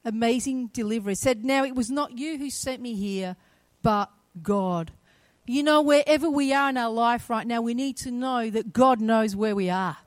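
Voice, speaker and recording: A woman preaching a sermon, retelling a story with shifts from quiet to loud, emphatic passages. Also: on the high side, normal speed, few pauses, no echo.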